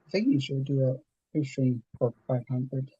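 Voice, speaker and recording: Dark, husky laid-back livestream host. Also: male voice, medium pitch, normal speed, no echo, lo-fi sound. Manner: laid-back, plugs his channels. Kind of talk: casual livestream chat.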